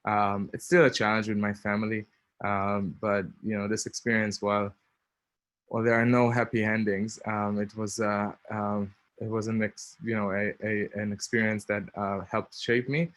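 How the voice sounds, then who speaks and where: A man in his thirties with an Israeli accent tells a personal story in a chatty way, full of ums and small laughs. His voice sits on the low side. The recording is dry and close, with no room sound. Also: flat delivery, moderate pace, a bit bright, dry recording. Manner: chatty, many ums, laughs between lines. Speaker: speaker.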